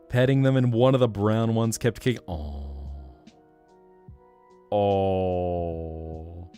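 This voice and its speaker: A man's voice: low-pitched, clear, resonant tone, soft background music. A man chatting casually on a live stream, gushing and laughing easily. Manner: animated, chatty, quick to gush and laugh.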